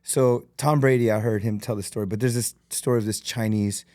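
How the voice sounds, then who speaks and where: A man who is a podcast guest and entrepreneur, telling stories in an earnest, animated and emotional way. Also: fairly low pitch, brisk, dry recording, studio quality. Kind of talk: emotional, candid conversation.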